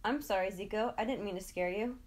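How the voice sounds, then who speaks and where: A woman's voice: mid-range voice, brisk, a little mellow, close to an everyday voice. A woman voicing a friendly young village boy in a storybook.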